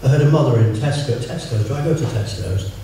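An older man gives a relaxed sermon in a mellow, low-lit voice. He teases himself and the room, then turns slow and earnest for scripture. His voice is picked up from a distance in a strongly echoing hall. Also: slight background noise. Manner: chatty, self-mocking, slows right down for scripture. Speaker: preacher. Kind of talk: informal sermon. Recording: echoey room, voice from far off.

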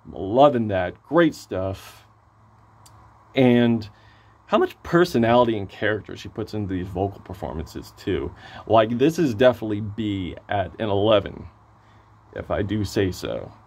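A man with a hoarse voice giving a casual, excitable album review, gushing and swearing freely. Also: on the low side, a little slow.

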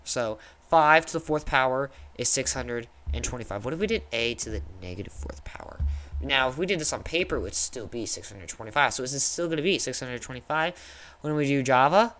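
Young male tutor, mid-pitch, loose and chatty, corrects himself on the fly. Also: expressive, brisk, a bit bright. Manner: casual, thinking aloud with fillers and self-corrections. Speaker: teacher. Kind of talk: screen-recorded coding lesson.

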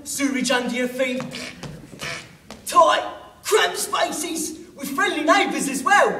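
Young guy doing a dopey cheerful private, high voice bouncing around, echoey room. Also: animated, slow pace, gravelly, sharp tone, full character voice. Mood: cheery. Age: young adult. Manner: simple, eager, chirpy. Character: dim-witted grubby male army private, cheerful. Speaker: drama student. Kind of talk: solo school drama performance. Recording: echoey room, far camera.

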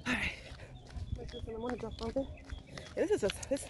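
A young woman with a high voice records a vlog on her phone outdoors by the coast. She mutters to herself, swears, vents and then pep-talks herself. Loud outdoor noise sits under the voice. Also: brisk, pauses often. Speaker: travel vlogger. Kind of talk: casual vlog monologue.

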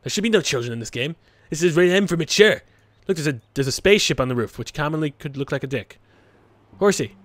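A young man giving casual gameplay commentary, goofy and mock-dramatic, swinging from mumbled asides to loud outbursts and bits of made-up song. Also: a little high, quick pace, hardly any pauses, dry recording.

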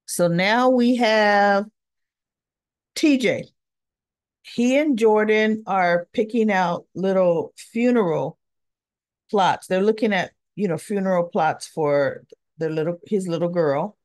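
A woman's voice: medium pitch, unhurried, darkish tone, dry recording, clean studio sound. A woman chatting through a soap opera recap, opinionated and talking straight to her viewers. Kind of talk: casual recap chat.

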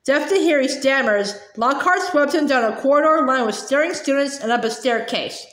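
A woman's voice: fairly high pitch, normal speed, hardly any pauses, a bit bright. A woman reading a novel aloud in an unpolished way, with slips and restarts. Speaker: reader. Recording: roomy echo.

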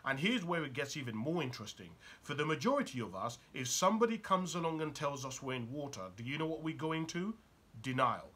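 A man's voice: mid-range voice, sing-song, a little fast, a bit bright, breathy edge. A man talking as a life coach in a motivational monologue, firing off emphatic rhetorical questions.

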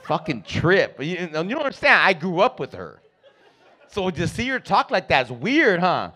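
A man doing profane, loud stand-up comedy in a club, riffing with the crowd on a handheld mic. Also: high voice, huge pitch swings, measured pace. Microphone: handheld stage mic.

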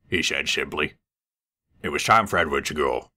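A man reading a children's storybook aloud, expressive and voicing the characters. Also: a bass voice, normal speed.

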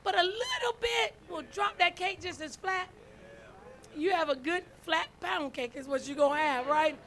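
A woman preaching with a very high, bright, ringing voice. She tells folksy stories and keeps calling to her congregation for response. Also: normal speed. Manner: folksy, storytelling, calls out to congregation with "y'all" and "right?". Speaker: first lady preacher. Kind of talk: sermon.

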